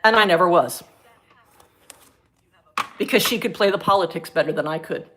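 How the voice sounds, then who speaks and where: A middle-aged woman, a former science teacher, chatting on her livestream and telling a story from her school days in an animated, ranting way. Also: moderate pace, slight background noise. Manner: animated, ranting storyteller with big pitch jumps. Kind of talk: casual chat on a livestream.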